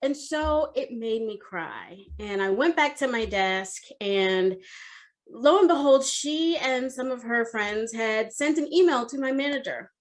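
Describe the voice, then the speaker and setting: A woman in her forties with a somewhat high voice tells a personal story as a coach. She talks in an expressive, animated way, with frequent fillers. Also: unhurried. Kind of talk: storytelling talk at an online summit.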